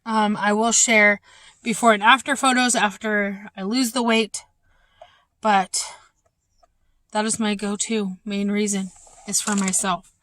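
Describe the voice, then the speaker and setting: A young woman giving a candid, halting home vlog update with many fillers, troubled by an ongoing cough and short of breath. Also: medium pitch, fairly even intonation, fairly bright tone, no echo. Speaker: vlogger. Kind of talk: casual personal update.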